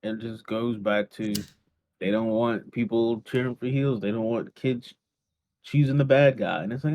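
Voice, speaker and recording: A man's voice: mid-range voice, fairly even intonation, normal speed, lo-fi sound. A young man co-hosting a podcast, laid-back and teasing in casual chat, swearing casually. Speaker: podcast co-host.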